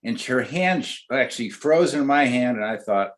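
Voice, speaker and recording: A man's voice: mid-range voice, expressive, moderate pace. An older man, an oral surgeon guest on a webinar, telling a long anecdote in a chatty way. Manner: chatty anecdotal storyteller with many fillers and restarts. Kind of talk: storytelling in a webinar.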